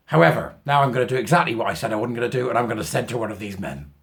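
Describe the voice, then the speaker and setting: Sarcastic man with a lively voice. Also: mid-range voice, rapid-fire, vocal fry. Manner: sarcastic, mocking, with repeated asides. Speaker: channel host. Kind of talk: casual commentary.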